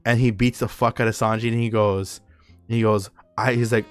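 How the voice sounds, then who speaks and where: A young man hosting a casual podcast chat, telling animated stories in slangy, profane talk. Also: fairly low pitch, brisk, faint music behind. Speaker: podcast host.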